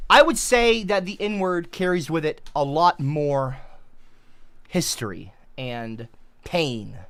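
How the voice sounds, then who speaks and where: A woman's voice: sits low, expressive, slow, dry recording. Woman streamer, comic rant, indignant, dry close sound. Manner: indignant, swings into shouted outbursts. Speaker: livestreamer. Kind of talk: comedic livestream rant.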